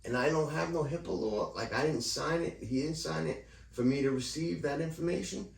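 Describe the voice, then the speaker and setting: A man's voice: fairly high pitch, brisk, creaky. A man vlogging a rambling, profane rant about his neighbor and his housing program. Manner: profane, heated, digressive. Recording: echoey room, distant mic, faint ambience.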